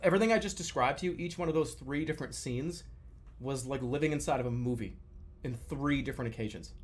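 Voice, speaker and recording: A man's voice: medium pitch, fast. A young man streaming, telling his dreams in casual chat, acting out the voices and swearing freely. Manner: animated storytelling, acts out quotes with profanity.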